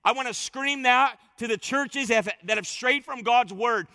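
A pastor delivers a sermon in a strikingly high, bright man's voice. He hammers his points with repetition and jumps between loud emphatic bursts and quiet asides. The sound is dry and close, with no room around it. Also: normal speed, no echo. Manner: emphatic, repeats words and phrases for stress.

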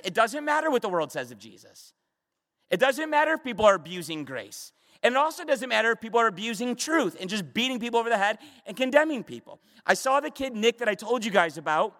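A man preaching a sermon to a discipleship group, fervent and emphatic, swinging between loud bursts and hushed lines. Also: high-pitched. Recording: long hall reverb.

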